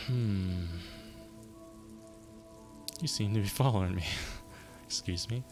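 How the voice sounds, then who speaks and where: Male streamer, low and gravelly, reading a game with wry asides, faint music behind. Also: slow, long pauses. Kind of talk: live game playthrough, reading text aloud.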